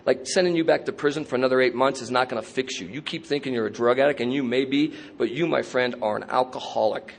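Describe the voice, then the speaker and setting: A man retelling the firm, measured words of a stern but kindly male parole officer. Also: medium pitch, creaky, slight background noise, natural voice.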